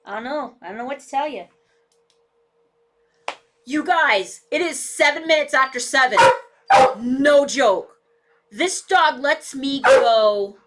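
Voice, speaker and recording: Speaking slowly with long pauses, a woman with a high-pitched, animated voice gives casual political commentary on a live stream. The recording is very noisy, made on a desk microphone with a camera in a cluttered home room where her dog barks and moves about. She's blunt, swears heavily and talks back to the dog.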